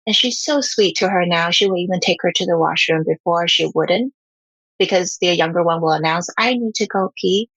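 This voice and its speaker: A woman's voice: lowish voice, steady tone, a little fast, a bit bright, breathy edge, dry recording, low-quality recording. A woman who is a parent, talking candidly and earnestly about her home life in an interview, acting out what her children say. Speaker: parent guest.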